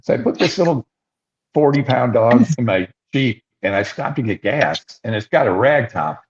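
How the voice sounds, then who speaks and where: Older male podcast co-host, rambling anecdotal storyteller, mid-pitched, slightly dull lo-fi sound. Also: animated, moderate pace. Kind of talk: casual storytelling chat.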